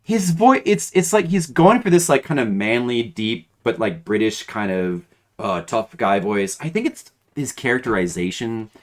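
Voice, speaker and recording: A man's voice: medium pitch, sing-song, moderate pace. A man streaming a video game, commenting casually and rambling with many restarts and hesitations.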